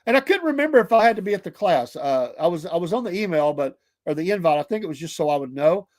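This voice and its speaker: Talking fast in a high-pitched voice, a middle-aged Southern-accented podcast host tells casual stories with plenty of laughter. He acts out the voices he quotes with animation, and the audio has no echo.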